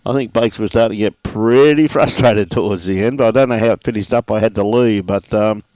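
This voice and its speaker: Easygoing Australian bloke calling a bowls game, friendly shout-outs, dry close mic. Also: male voice, fairly low pitch, a little fast, dry recording. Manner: laid-back, chatty, greets viewers by name. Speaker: lawn bowls commentator. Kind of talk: live sports commentary with viewer shout-outs.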